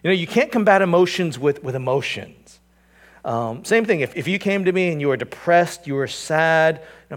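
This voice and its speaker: A man preaching from the pulpit as pastor. He drops low and quiet when reading scripture, then lifts his voice for emphatic points. He repeats himself as he works toward a point and keeps asking the room rhetorical questions. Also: sing-song, normal speed. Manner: repeats and restarts phrases, asks the congregation rhetorical questions. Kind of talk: sermon.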